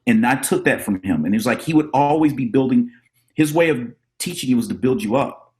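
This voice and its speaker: A middle-aged man, a drummer and educator, telling animated stories about his mentors as a podcast guest and acting out the voices of the people he quotes. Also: mid-range voice, a little fast. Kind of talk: casual storytelling interview.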